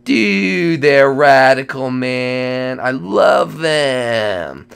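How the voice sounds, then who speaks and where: A man's voice: medium pitch, expressive, very slow, gravelly, fairly bright tone, smooth, exaggerated voice. A man voicing a laid-back surfer-dude male dinosaur who has just thawed from ice, talking in drawling slacker slang for a Minecraft role-play comedy.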